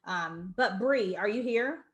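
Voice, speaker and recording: A woman's voice: medium pitch, expressive, slow. Woman hosting a live video party, gushy and emotional, greets everyone by name, echoey room. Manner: warm, emotional, effusive, greets viewers by name. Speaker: host of an online launch party. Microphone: video call.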